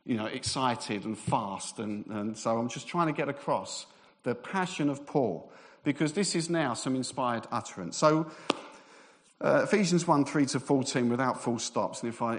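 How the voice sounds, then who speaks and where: A man preaching a sermon, fast and excitable, with self-deprecating humor. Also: medium pitch.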